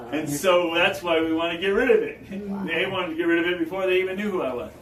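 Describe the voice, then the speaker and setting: Male guest speaker, animated storyteller, slightly high voice, distant mic. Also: quick pace, a crowd in the background. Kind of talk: storytelling public talk. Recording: echoey room, distant mic, faint background noise.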